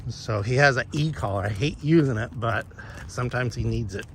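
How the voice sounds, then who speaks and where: Out on a walk with his dog, a man talks to his live viewers at a brisk pace in a medium-pitched voice. His storytelling is rambling, casual and profane, and there is slight background noise.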